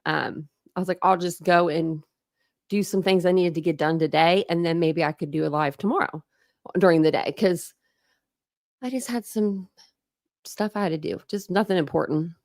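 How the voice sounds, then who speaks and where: A woman's voice: lowish voice, normal speed, a little mellow, no echo, studio quality. A woman hosting a casual true crime livestream, chatting, greeting viewers and laughing often from her home. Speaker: true crime channel host.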